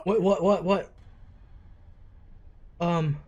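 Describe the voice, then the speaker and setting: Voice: medium pitch, takes it slowly, darkish tone. A young adult hosting an anime reaction video, gasping, exclaiming and swearing at the screen. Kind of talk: emotional reaction commentary.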